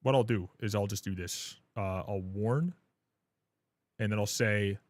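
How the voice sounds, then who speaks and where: A man's voice: fairly low pitch, unhurried, a little mellow, no echo. Rambling, profane male livestreamer. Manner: rambling, profane, joking with chat; frequent filler words and restarts. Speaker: gaming livestreamer. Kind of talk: casual livestream chat while gaming.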